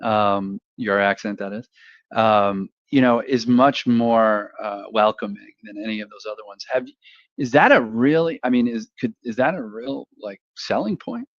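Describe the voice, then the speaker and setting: A man's voice: on the low side, no echo, dull audio. A man hosting a podcast interview, talking casually and joking around. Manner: casual, joking, quick to laugh. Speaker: podcast host.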